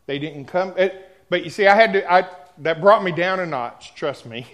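A man preaching a sermon, telling a personal story and talking straight to the congregation, dropping to a hush at times and rising loud at others. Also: sits high, moderate pace. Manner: storytelling, swings from hushed to loud; addresses the congregation directly.

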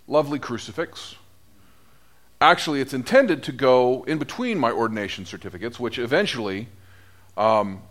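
A middle-aged priest preaches a sermon in a mid-range voice, telling the story with lively asides and acting out the voices of the people in it.

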